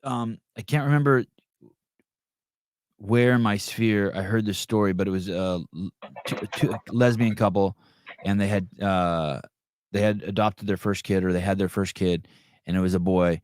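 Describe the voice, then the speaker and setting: A man's voice: fairly low pitch, steady tone, normal speed, a little mellow, no echo, studio quality. A man hosting a podcast, telling stories in a rambling, profane, casual way. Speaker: podcast host. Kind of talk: casual chat.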